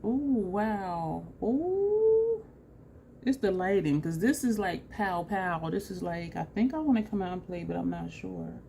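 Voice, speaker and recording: A woman's voice: fairly low pitch, moderate pace, creaky, hardly any pauses, a little mellow, slight background noise. A woman chatting casually in a makeup vlog at home, laughing and trailing off mid-sentence. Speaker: beauty vlogger.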